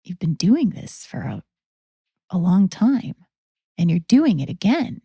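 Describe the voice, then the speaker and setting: A woman's voice: on the low side, sing-song, unhurried, gravelly, dark tone, breathy edge, no room sound, studio quality, exaggerated voice. A woman voicing a grave man who believes he is president of the world, speaking in a solemn tone.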